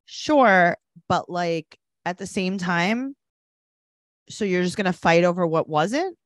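A woman's voice: lowish voice, animated, takes it slowly, dry recording. A woman co-hosting a podcast, recapping a TV show in casual chat and often mocking the people she talks about in put-on voices. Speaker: podcast co-host.

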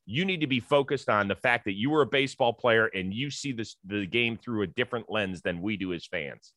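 A man's voice: lowish voice, fairly bright tone, no echo. Chatty male sports talk host, dry sound. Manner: emphatic, chatty, quick to joke.

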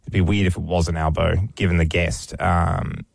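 A man's voice: low voice, level tone, moderate pace, gravelly, no room sound. A man, co-hosting a radio show, playful and leading the chat. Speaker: radio co-host. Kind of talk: casual banter.

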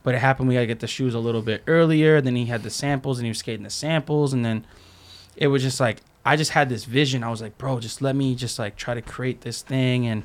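A man's voice: mid-range voice, fairly even intonation, quick pace. A man chatting casually as a podcast guest, telling stories and acting out quotes, with lots of "like" filler. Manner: storytelling, acts out quotes, many likes. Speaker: podcast guest, skate filmer. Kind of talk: casual chat.

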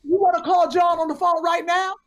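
This is a woman co-host with a very high voice, teasing her colleague in playful banter. She gets loud and shouty. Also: steady tone, fairly quick.

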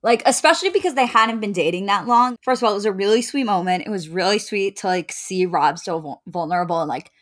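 A young woman co-hosts a casual podcast and picks apart a reality show at length. Her voice sits at a middle pitch, and she fills her talk with "like" as she thinks aloud. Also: quick pace, hardly any pauses. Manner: talkative, analytical, heavy use of "like". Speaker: podcast co-host.

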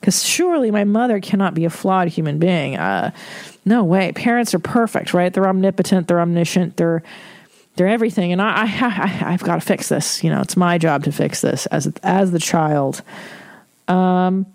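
A podcast host with a lowish, darkish voice speaks at a moderate pace, with no room sound. She reads listener letters aloud on her casual advice podcast, candid and emotional, swearing freely as she goes.

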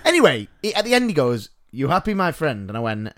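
Animated man telling a funny story. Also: on the high side, fast. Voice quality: animated, self-mocking, laughs through his stories. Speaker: podcast co-host. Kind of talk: casual storytelling chat.

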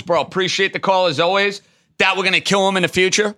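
A man hosting a call-in sports talk show, taking callers and arguing his takes emphatically. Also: high-pitched. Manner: emphatic, animated, quick to riff. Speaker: sports radio host.

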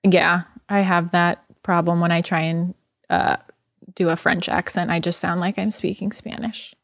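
A woman co-hosting a casual chat podcast, relaxed and chatty. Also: fairly low pitch, normal speed, creaky, no echo, clean studio sound. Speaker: podcast co-host.

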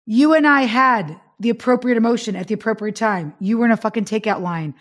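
A woman's voice: on the high side, brisk. A woman author, a guest on a podcast, speaking with passion and emphasis about her ideas. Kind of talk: interview conversation.

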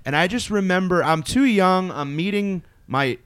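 A middle-aged man telling a long story in casual chat, animated and profane, acting out what people said. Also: sits high, moderate pace, clean tone, no room sound.

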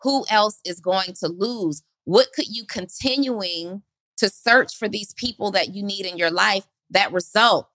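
A woman's voice: medium pitch, fairly bright tone, dry recording, low-quality recording. A woman hosting a motivational podcast, preaching through repeated rhetorical questions. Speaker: podcast host.

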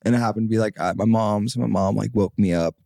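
A young man in his twenties chatting casually as a podcast guest, rambling with lots of "like" and getting animated when he quotes people. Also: lowish voice, quick pace, gravelly, no echo, studio quality. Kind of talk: casual chat.

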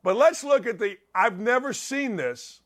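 A man hosting a sports talk show, delivering a sarcastic, heated commentary rant with bursts of shouting. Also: extremely high pitch, animated, a little slow.

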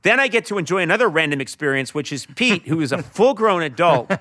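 A man appearing as a podcast guest, telling stories in casual chat and swooping his voice up high for comic emphasis. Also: very animated, quick pace, bright, forceful tone.

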